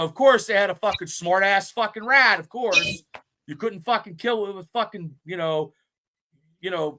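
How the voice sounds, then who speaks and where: Man, 50s, podcast co-host, casual chat, profane and rambling, high-pitched, bright tone. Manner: profane, rambling, animated storytelling.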